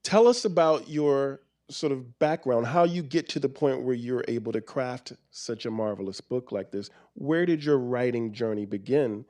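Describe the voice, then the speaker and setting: A man's voice: mid-range voice, moderate pace, hardly any pauses, a little mellow. A man interviewing an author onstage at a bookstore, asking rambling, searching questions. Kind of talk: onstage book conversation. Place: bookstore event.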